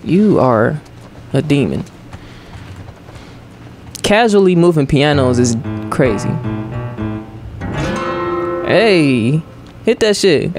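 A young man doing let's play commentary as a gaming streamer, joking in profane banter with his viewers. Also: mid-range voice.

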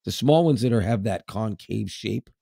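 A man's voice: lowish voice, expressive, moderate pace, creaky, dark tone, no room sound, clean studio sound. A Canadian man in his fifties with a Canadian accent, co-hosting a podcast in casual, rambling chat with frequent laughs. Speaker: podcast co-host.

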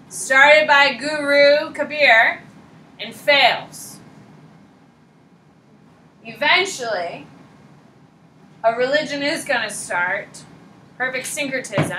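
A woman teacher lecturing a high school class in a chatty, informal way, short on sleep and quick to laugh at herself. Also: pushed and bright, slight background noise. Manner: chatty, informal, self-deprecating. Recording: roomy classroom echo.

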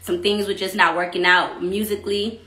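A woman from Texas, chatting casually on her own stream with rambling asides and shout-outs to viewers. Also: mid-range voice, flat delivery, normal speed, echoey room. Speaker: singer hosting a live stream about her EP. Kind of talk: casual chat.

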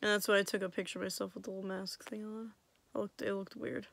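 A woman's voice: medium pitch, flat delivery, fast talker, creaky, fairly bright tone, slight background noise. A young woman vlogger telling a story in a casual, chatty way, laughing often and quoting her own thoughts. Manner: chatty, self-mocking, laughs often, quotes herself.

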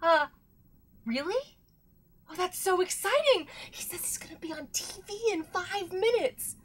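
A woman's voice: very high voice, animated, measured pace. An actress playing a bubbly, eager young woman answering the office phone in a comic audio drama. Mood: chirpy. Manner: eager, chirpy.

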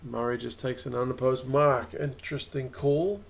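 A man with a New Zealand accent hosting a rugby watch-along, calling plays and chatting with viewers, getting quicker and higher at close calls. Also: fairly even intonation, creaky, slight background noise. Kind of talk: live match commentary and chat.

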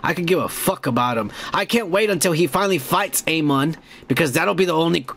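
A young man hosting a podcast, rambling and swearing excitedly as he reviews a show episode. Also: on the high side, a little fast, vocal fry. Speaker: podcast host. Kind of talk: casual profane show review.

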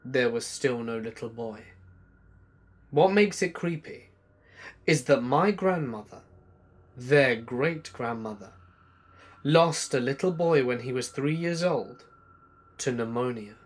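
A man reading true scary stories aloud as a narrator, slow and hushed, letting his voice sink low at the ends of lines. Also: expressive. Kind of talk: scripted horror narration.

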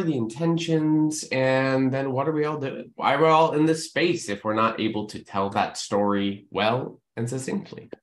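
A man who writes musical theatre, giving an emphatic lesson to camera and often checking in with the viewer. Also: medium pitch. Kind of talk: educational talk to camera. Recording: echoey room.

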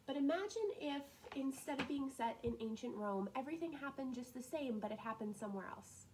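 A woman teacher talking through class assignments in a casual, upbeat way, with frequent laughs and quick asides. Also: high voice, expressive, darkish tone, a little hiss or hum, rough recording. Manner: chatty and upbeat, laughs often, drops into asides. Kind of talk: casual recorded lesson walkthrough.

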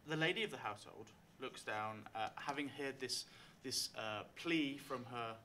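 A man's voice: mid-range voice, normal speed, bright, forceful tone, slight background noise. A man narrating a tabletop game as game master before a live audience, chatty and full of fillers. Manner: hesitant, many fillers, chatty.

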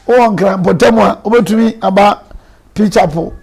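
A man's voice: high voice, moderate pace, a little mellow, breathy edge. A man with a Ghanaian accent, a bishop and marriage counselor, giving earnest, emphatic pastoral counsel on a live stream and moving between Twi and English.

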